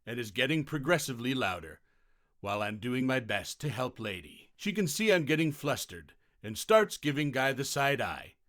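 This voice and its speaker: A man's voice: mid-range voice, very animated, normal speed, fairly bright tone, no echo, clean studio sound. A man narrating retail stories from an online forum in a scripted reading style.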